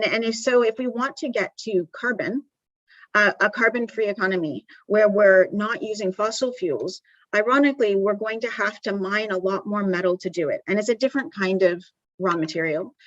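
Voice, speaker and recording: A woman's voice: mid-range voice, normal speed, no room sound. Woman giving a conference talk, muffled. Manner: conversational, many ums and restarts. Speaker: conference speaker. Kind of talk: live conference presentation. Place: conference venue.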